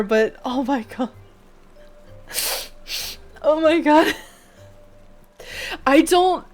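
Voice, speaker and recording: A young woman streaming live, chatting casually with viewers, swearing freely and thanking them by name. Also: high voice.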